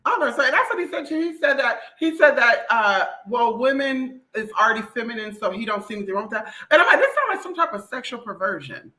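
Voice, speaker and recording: A brash woman vlogger holding forth in a loud, swearing monologue, her pitch swinging up and down as she mimics people. Her voice is bright and sharp, and it rings around a roomy, echoing space. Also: fast, hardly any pauses. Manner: blunt, profane, animated, mimics others. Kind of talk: casual opinionated monologue.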